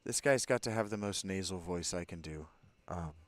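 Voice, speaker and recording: A man's voice: deep voice, normal speed, no room sound. A man casually commentating as he plays a game, with wry asides between the lines he reads. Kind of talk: let's play commentary.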